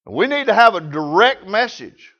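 A man's voice: high voice, sing-song, normal speed, bright, forceful tone, muffled recording. A man preaching a sermon, telling folksy stories in rural grammar.

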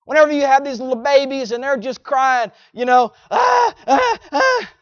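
A man's voice: very high-pitched, fairly even intonation, brisk, clear, resonant tone, dry recording. A man preaching a sermon in a folksy, emphatic style, with sarcastic asides to his congregation, on a dull lo-fi recording.

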